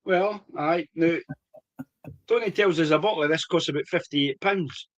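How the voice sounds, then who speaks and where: A man's voice: on the high side, moderate pace. A middle-aged man with a Scottish accent, chatting enthusiastically during a whisky tasting. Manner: chatty, laughs often, enthusiastic. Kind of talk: casual tasting chat.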